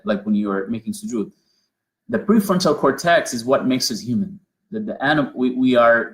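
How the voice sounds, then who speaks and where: Earnest man teaching mindfulness. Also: mid-range voice. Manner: earnest, repeats himself, many restarts. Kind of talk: mindfulness lesson.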